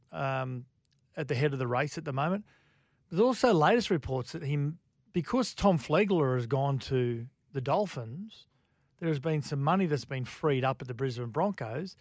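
A man's voice: on the high side, no room sound, studio quality. A man co-hosting sports radio, giving opinions as he thinks aloud. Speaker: radio co-host and commentator. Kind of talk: casual sports radio chat.

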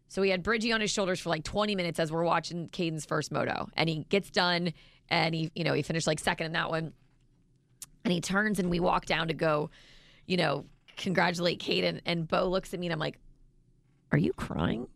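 A woman's voice: lowish voice, steady tone, normal speed, creaky, fairly bright tone, no echo. A woman in her thirties co-hosting a radio morning show, chatty and emotional, reading listener texts aloud. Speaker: radio co-host. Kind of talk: casual morning show chat. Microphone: studio microphone.

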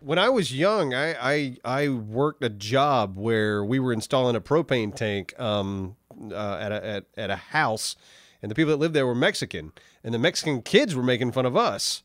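A man's voice: medium pitch, normal speed, no echo, clean studio sound. A man co-hosting a casual comedy podcast, telling rambling stories with lots of restarts. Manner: rambling, animated storyteller. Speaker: podcast co-host.

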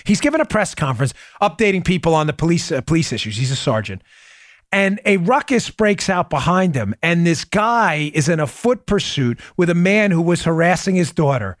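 A male podcast host with a high, lively voice that leaps up and down as he drives each point home. He talks straight to his listeners, repeats key phrases for punch and breaks into laughter often. The sound is close and dry, with no room around it. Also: fairly quick, dry recording. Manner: addresses listeners as "folks". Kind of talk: political commentary podcast.

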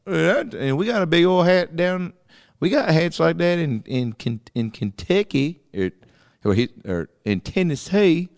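A man's voice: a little high, animated, measured pace, voice pushed up. A man doing a folksy country-singer judge.

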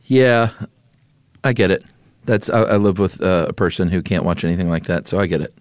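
Low-voiced man explaining casually. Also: fairly quick, dry recording, clean studio sound. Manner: laid-back, joking, explains facts plainly. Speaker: podcast co-host. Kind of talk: casual chat.

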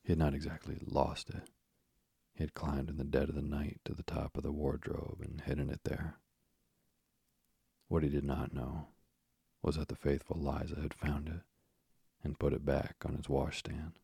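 Deep dark-voiced guy reading a storybook, slow and steady, gravelly, dry close sound. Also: no room sound. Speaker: narrator. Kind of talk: storybook narration.

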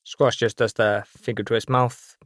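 A man's voice: mid-range voice, flat delivery, moderate pace, a bit bright, no room sound, studio quality. A man playing a tabletop game, rambling and searching for words as he describes what his character does. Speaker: player.

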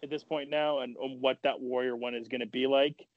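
A man co-hosting a casual talk podcast, animated and blunt, retelling stories with quoted voices and some swearing. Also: mid-range voice, a little fast, dry recording, narrow, tinny audio. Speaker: podcast co-host. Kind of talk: casual chat.

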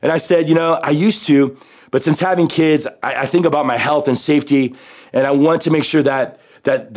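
50s veteran guy telling his story, kinda halting, lots of you know and restarts. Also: mid-range voice. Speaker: military veteran. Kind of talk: personal storytelling.

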